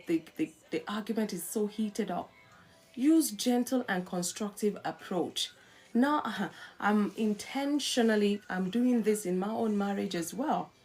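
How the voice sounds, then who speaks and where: A middle-aged woman hosting a live-stream talk on marriage, coaching listeners in an earnest, animated way. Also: mid-range voice. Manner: animated, acts out quarrelling spouses in quotes. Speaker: host.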